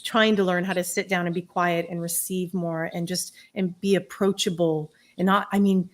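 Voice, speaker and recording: A woman's voice: on the low side, normal speed. Candid woman telling her life story. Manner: candid, animated, laughs through the story. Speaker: podcast guest. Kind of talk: personal storytelling in a round table talk.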